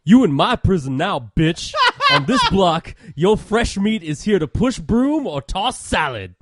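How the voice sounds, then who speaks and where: A man's voice: high voice, big pitch swings, measured pace, voice pushed up, full character voice. Man doing a crude menacing prison inmate. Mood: menacing taunt. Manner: shouting menacing taunts in a put-on accent. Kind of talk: comic put-on voice in a podcast.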